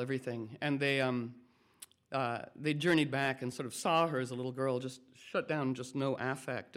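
A man with a medium-pitched voice speaks to a group as a spiritual teacher, rambling playfully and drifting from one idea to the next. He acts out quotes in lively voices.

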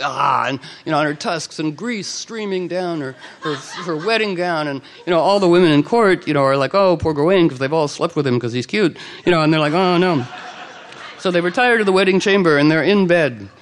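A man telling an old legend to a live audience in a lively, conversational way, with quick asides and quoted character lines. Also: fairly high pitch. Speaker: storyteller. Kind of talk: oral storytelling to a live audience.

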